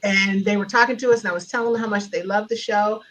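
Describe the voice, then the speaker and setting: A middle-aged woman guest speaker telling a personal story over a video call, animated and laughing as she gets louder. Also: mid-range voice, fast talker, low-quality recording. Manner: animated, grows loud and laughing in retelling. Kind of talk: storytelling in a conversation.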